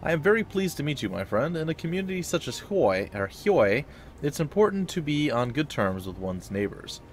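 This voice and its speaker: A man voicing a cultured, pleasant middle-aged male drone engineer in a video game, speaking in a polite, measured way. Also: on the high side, very animated, slight background noise, pitched above the performer's own voice. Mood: courteous.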